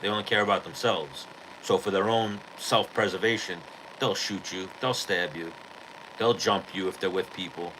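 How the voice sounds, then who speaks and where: A man's voice: low-pitched, moderate pace, noisy background. A male podcast host telling a rambling, profane story in casual chat.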